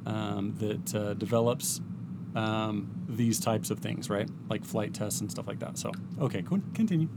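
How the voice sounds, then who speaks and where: A man's voice: fairly low pitch, unhurried. A man hosting a casual podcast chat, teasing and emphatic with his guest. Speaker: podcast host. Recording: clear background noise.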